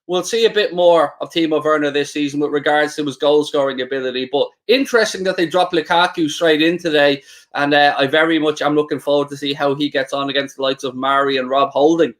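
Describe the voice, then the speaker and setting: A man's voice: fairly high pitch, steady tone, brisk, fairly bright tone. A man co-hosting a live football watchalong in a chatty, bantering way, reading out viewer comments. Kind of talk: live stream football chat.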